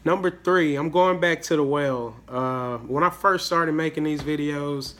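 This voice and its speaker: Young male host, slightly sick, bright forceful voice, slangy hype talk. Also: on the high side, a little slow, slight background noise. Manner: hyped, slangy, repeats words and says "man" often. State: a little sick. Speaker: daily fantasy sports video host. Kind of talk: casual solo video commentary.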